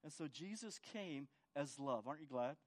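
A man's voice: a little high, animated, moderate pace, darkish tone. A man preaching a sermon as pastor, often asking the congregation for agreement and repeating words as he restarts. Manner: asks the congregation for agreement with tag questions.

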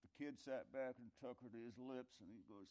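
A middle-aged or older man telling a folksy, rambling story in a conversational sermon, his loudness rising and falling. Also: mid-range voice, moderate pace. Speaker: speaker telling a story to an audience.

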